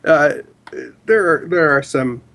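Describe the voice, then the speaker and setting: Joking man with a higher voice. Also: slow pace, fairly bright tone. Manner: laughs often, joking. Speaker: podcast panelist. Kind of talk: casual podcast chat.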